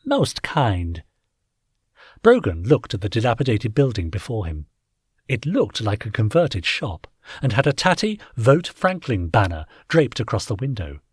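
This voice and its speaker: A man narrating a science-fiction audiobook in an expressive storytelling manner. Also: medium pitch, moderate pace, husky, no echo, clean studio sound. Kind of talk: scripted narration.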